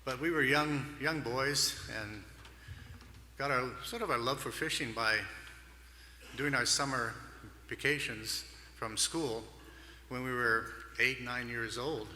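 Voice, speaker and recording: An older man from Hawaii speaks at a podium in a large banquet hall, telling folksy, rambling stories. His voice is very bright and forceful, and it rings out with a long, roomy reverb. A faint murmur of the room sits underneath. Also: medium pitch, takes it slowly, pauses often, a little hiss or hum. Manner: folksy, rambling anecdotes with fillers. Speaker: award speaker. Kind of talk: storytelling speech.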